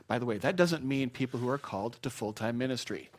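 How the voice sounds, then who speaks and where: A man's voice: medium pitch, a little fast, hardly any pauses. Earnest middle-aged male pastor preaching. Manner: earnest, conversational, with many restarts and lively swings in emphasis. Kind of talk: sermon.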